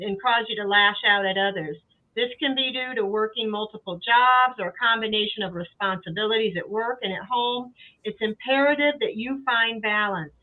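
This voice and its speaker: A chatty woman reads tarot card meanings in a plain, easygoing voice that sits somewhat high. She comes through a narrow, tinny call line. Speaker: guest tarot reader. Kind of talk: casual chat, reading card texts aloud. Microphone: remote call. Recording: tinny phone-like call audio.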